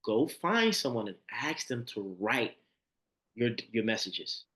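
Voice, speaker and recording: A man who is a podcast guest, telling a personal story in conversation and acting out the quotes, moving between a hushed voice and high, excited bursts. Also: takes it slowly.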